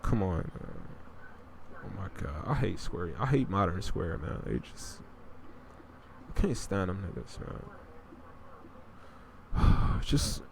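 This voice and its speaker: Gravelly-voiced man ranting about games. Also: sits low, huge pitch swings, slow, long pauses, background noise. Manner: profane, blunt, rambling. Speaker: podcast host. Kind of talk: casual gaming chat.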